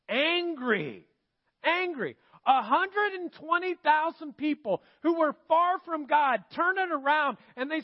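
A man preaching a sermon as pastor, animated and asking his congregation questions. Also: very high-pitched, muffled recording. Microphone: handheld or stand mic that slips.

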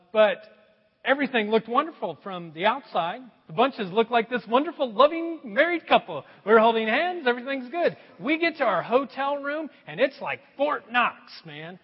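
Middle-aged male pastor, high, lively delivery, husky edge, dull echoey hall sound. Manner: animated, swings between loud emphasis and quiet asides. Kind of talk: sermon.

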